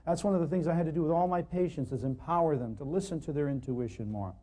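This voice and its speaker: A man lecturing on natural healing to a live audience, animated and joking, acting out exchanges with patients and hammering points home by repeating them. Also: a little high, quick pace. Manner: emphatic, repeats points for effect. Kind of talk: live seminar talk to an audience.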